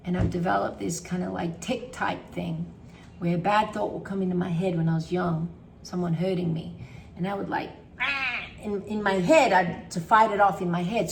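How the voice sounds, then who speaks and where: A woman's voice: on the low side, creaky, a little hiss or hum. A woman talking casually to camera as a wellness coach, emphatic and repetitive, acting out her own anxious thoughts.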